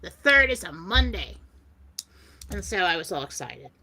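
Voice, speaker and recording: A woman's voice: fairly low pitch, sing-song, moderate pace, bright, forceful tone, a little hiss or hum. A woman co-hosting a talk show, animatedly telling a personal story in casual chat and laughing often as she goes. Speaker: co-host.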